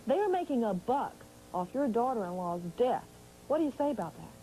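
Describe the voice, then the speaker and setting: Composed woman news anchor, mellow tone. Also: fairly high pitch, very animated, rough recording. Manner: measured, composed questioning. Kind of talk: news presenting and live interview.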